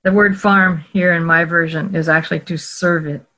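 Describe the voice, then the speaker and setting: Bible teacher explaining scripture, careful and measured, keeps correcting themselves, middle pitch. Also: steady tone, bright, forceful tone, rough recording.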